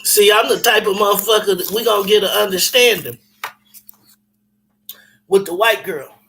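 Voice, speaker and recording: A man telling a story in casual chat, animated and profane, with lots of repetition. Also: sits high, moderate pace, vocal fry, slight background noise, rough recording.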